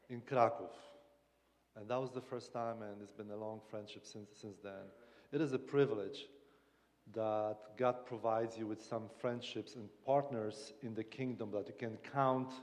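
Man, Polish accent, guest preacher, mid-pitched voice, halting and humorous, church with long reverb. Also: darkish tone. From Poland. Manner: humorous, self-deprecating, halting with restarts. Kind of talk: sermon. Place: church sanctuary.

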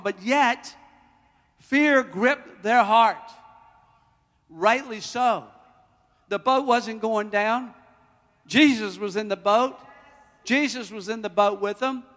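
High-voiced preacher man in a hall. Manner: emphatic preacher, swings from loud to hushed. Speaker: pastor. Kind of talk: sermon.

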